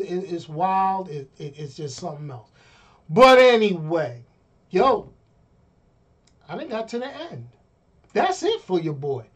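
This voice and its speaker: A middle-aged man with a high voice rants on a casual live stream, animated and exasperated, often repeating himself.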